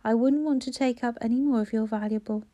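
A woman's voice: a little high, steady tone, quick pace, warm tone, no echo, lo-fi sound, close to an everyday voice. A woman voicing a proud young mother who speaks politely but tartly. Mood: prim.

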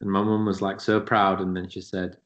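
Low-voiced man, chatty. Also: little pitch movement, a little fast, highs cut off. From Yorkshire, England. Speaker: podcast co-host. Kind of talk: casual sports chat.

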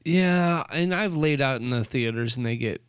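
A man's voice: medium pitch, moderate pace, smooth, no room sound. A man co-hosting a casual podcast chat, joking around and slipping now and then into mock voices. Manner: jokey, slips into mock voices. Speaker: podcast co-host.

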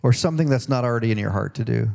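A male pastor preaches to his congregation in a relaxed, conversational sermon, with a gravelly edge in his voice. His tone is dark and mellow, and he keeps turning to the room with questions. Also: mid-range voice, rapid-fire. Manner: acts out voices in quoted dialogue. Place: church service.

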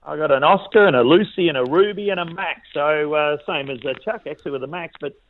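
A man's voice: a little high, fast talker, phone-quality sound. A middle-aged Australian man chatting as a radio guest, telling jokey stories with laughs. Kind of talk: casual chat.

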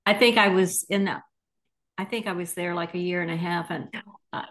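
A woman guest in a casual interview, speaking in an unhurried way with gentle laughter. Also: on the low side, steady tone, poor audio. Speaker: podcast guest.

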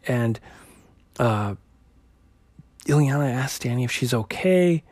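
A man's voice: medium pitch, animated, takes it slowly, a little mellow, dry recording. A man hosting a podcast, recapping a comic book issue in a loose conversational way, with plenty of fillers and restarts. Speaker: podcast host.

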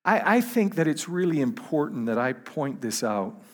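A man preaching a sermon to his congregation, halting and repeating words, rising to emphatic peaks. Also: fairly high pitch, sing-song, in a large hall. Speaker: pastor.

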